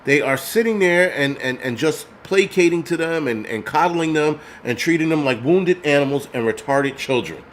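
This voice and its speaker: A man's voice: fairly high pitch, expressive, moderate pace, hardly any pauses, a little hiss or hum. Angry profane man ranting. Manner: angry, profane, rambling rant. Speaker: vlogger. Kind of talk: casual rant to camera.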